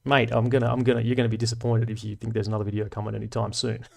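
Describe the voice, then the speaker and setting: A man's voice: fairly low pitch, completely flat delivery, very fast, creaky, warm tone. A man in his thirties with an Australian accent, hosting a casual livestream chat in a laid-back, slangy way with frequent swearing. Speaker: livestream host.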